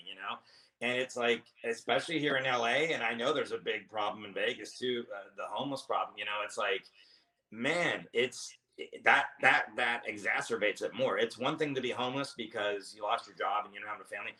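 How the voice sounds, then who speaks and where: A man's voice: mid-range voice, fairly quick, bright, forceful tone. A man, a comedian guest, telling stories in a casual chat, rambling, restarting and swearing freely. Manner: rambling, self-interrupting storyteller, swears freely.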